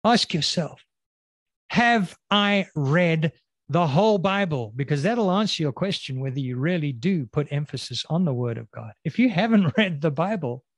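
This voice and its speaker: A man preaching with emphatic, questioning delivery, his slightly high voice rising on challenges and sinking low and slow on key words. The sound is dry and close, with no room echo. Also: lively intonation. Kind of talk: sermon.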